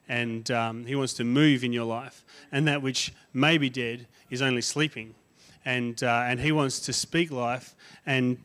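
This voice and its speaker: Speaking conversationally as a guest preacher, a man with a mid-range voice delivers a sermon, getting louder and higher on emphatic lists and going quiet for asides.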